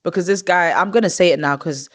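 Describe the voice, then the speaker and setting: A woman in her twenties hosting a podcast in casual chat. She talks in an expressive, rambling way, with drawn-out groans of disgust. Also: lowish voice. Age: 20s. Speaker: podcast host.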